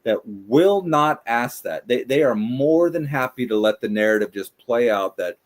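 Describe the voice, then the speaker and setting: A man in casual podcast chat, blunt and emphatic, swearing often and talking quickly. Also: medium pitch. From United States. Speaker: co-host.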